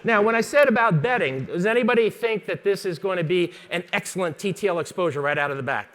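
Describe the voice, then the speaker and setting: High-voiced chatty photography teacher. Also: male voice, lively intonation, a bit bright. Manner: chatty, jokey, fast-talking teacher quizzing the audience. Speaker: photography instructor. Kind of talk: live workshop demonstration. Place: conference stage before a live audience.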